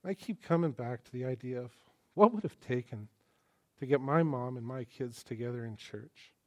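A pastor delivers a church sermon in a conversational, joking style, swinging between quiet asides and emphatic lines. His voice is medium-pitched and his pace moderate.

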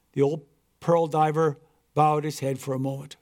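A man reading a story aloud in a measured, earnest way. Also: on the high side, little pitch movement, darkish tone. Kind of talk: read-aloud story narration.

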